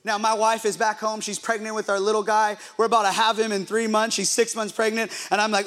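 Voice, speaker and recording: A young man preaching as a pastor, telling a story in an animated, self-deprecating way and joking with his listeners. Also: high voice, fairly quick. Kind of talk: humorous storytelling sermon.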